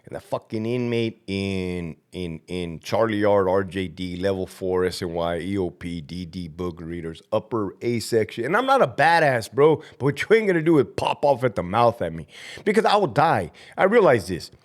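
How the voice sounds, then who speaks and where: A man who is a former prison lieutenant hosting a vlog, ranting and rambling with profanity between long runs of viewer shout-outs. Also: lowish voice, expressive, normal speed.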